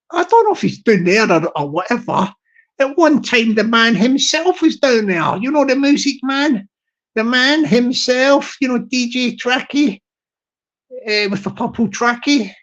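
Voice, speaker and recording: A man's voice: high voice, muffled recording. A man from Southwest England, chatting casually on a livestream in a rambling, jokey way that keeps circling back on itself. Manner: rambling, jokey, repeats himself.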